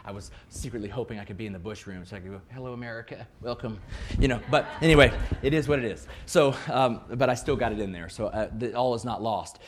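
Man, music teacher, conference talk, animated, jokey, mid-range voice. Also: medium pitch, a little hiss or hum. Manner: animated, joking, acts out quoted voices. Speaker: music educator. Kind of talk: conference presentation.

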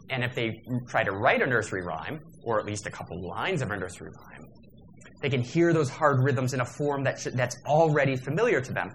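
A man's voice: medium pitch, fairly bright tone, a little hiss or hum, poor audio. A man lecturing teachers about poetry and meter, talking in a thoughtful way with frequent restarts.

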